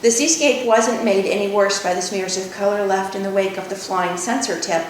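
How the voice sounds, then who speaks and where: A woman author reads her own novel in a measured first-person voice. The room rings with echo, and a faint low rumble runs beneath. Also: fairly even intonation, far from the mic. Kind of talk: reading her novel aloud.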